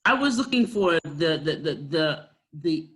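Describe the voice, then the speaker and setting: Woman evangelist co-host; emotional, animated storyteller, stumbling restarts. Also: low voice, unhurried. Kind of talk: personal storytelling in casual chat.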